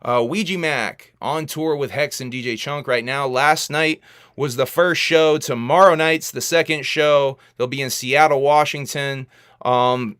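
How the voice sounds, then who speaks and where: A man's voice: mid-range voice, steady tone, a little slow, a bit bright, clear, resonant tone. A man hosting a casual livestream, talking loosely with slang and many fillers. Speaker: livestream host.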